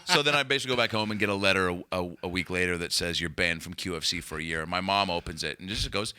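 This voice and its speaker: A man on a podcast telling a long story as a comedian guest, animated and profane, rambling with restarts. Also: sits low, racing, clean tone.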